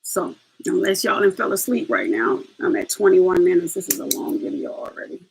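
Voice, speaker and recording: A woman's voice: lowish voice, very animated, fairly quick, creaky, a little hiss or hum, poor audio. A woman hosting a casual step-by-step craft tutorial, chatty and laughing as she talks to her viewers.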